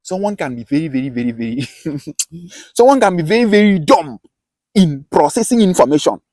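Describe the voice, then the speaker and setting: On the high side and a little mellow, his voice is very animated and slightly fast, with no echo. He's a self-styled teacher with a Nigerian Akwa Ibom accent, passionately emphasizing his lesson and frequently restarting or repeating phrases.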